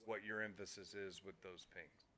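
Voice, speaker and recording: He co-hosts a casual gaming podcast on a streaming microphone, explaining emphatically and cursing casually. The voice is low-pitched and steady at normal speed, with a bright, forceful tone.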